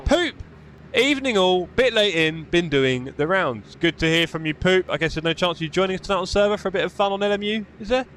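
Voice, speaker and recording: A man's voice: sits high, fast, few pauses, a bit bright, slight background noise. A man chatting casually while sim racing on a live stream, reading out chat. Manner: chatty, reads chat aloud while driving. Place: home sim racing rig.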